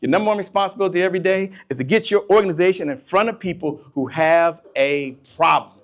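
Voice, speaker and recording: Guy firing up a crowd at a business keynote, bit high voice, loud bursts then quiet bits. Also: fast. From Washington, D.C. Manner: animated call-and-response with crowd; swings from soft to loud bursts. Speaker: keynote speaker. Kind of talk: motivational keynote to live audience.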